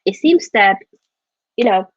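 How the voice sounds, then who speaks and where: A woman's voice: medium pitch, expressive, measured pace, breathy edge, dry recording, dull audio. A woman hosting a live football watchalong, chatting casually and rambling, often correcting herself mid-sentence. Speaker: football vlogger host.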